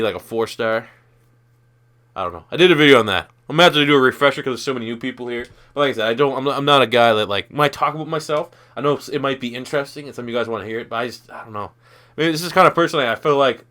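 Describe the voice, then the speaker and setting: A man's voice: medium pitch, fairly bright tone. A young man from Canada giving loose, profane, rambling commentary over his own football video game. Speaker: gaming YouTuber. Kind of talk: casual gameplay commentary.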